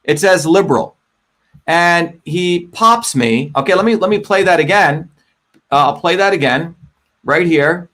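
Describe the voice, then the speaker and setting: Middle-aged male streamer, slightly high pitch, loose talky commentary style. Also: unhurried, a bit bright. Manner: talkative, repeats "okay?" to the audience. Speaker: livestream host. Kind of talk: casual livestream commentary.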